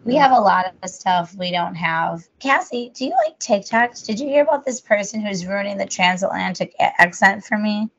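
A woman's voice: mid-range voice, animated, normal speed, vocal fry, few pauses. A woman co-hosting a podcast, chatting casually in a rambling, jokey way. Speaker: podcast co-host. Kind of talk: casual chat. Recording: muffled lo-fi audio.

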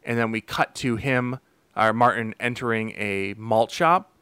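A man's voice: medium pitch, unhurried, smooth, dry recording. A man co-hosting a casual podcast, recapping a TV episode and acting out its scenes. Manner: animated storytelling, acting out scenes. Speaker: podcast co-host.

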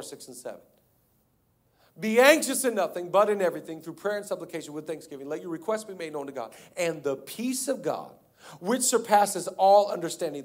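A man preaching a sermon as pastor, moving from loud, drawn-out declarations to quiet, hushed passages. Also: a little high. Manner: acts out quoted people in a raised voice.

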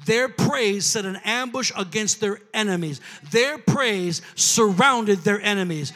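In the church sanctuary, this pastor's high-sitting voice is animated and bright, forceful, at normal speed with few pauses. His sermon builds to fervent call-and-response with the congregation. Long hall reverb is present.

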